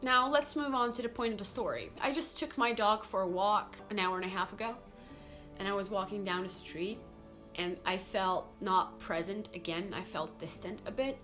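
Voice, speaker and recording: A woman's voice: medium pitch, fairly bright tone, faint music behind. A young woman talking earnestly to camera in a casual vlog, full of "like" and "you know". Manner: earnest, talks fast with fillers like "like" and "you know". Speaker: vlogger. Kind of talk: casual confessional monologue to camera.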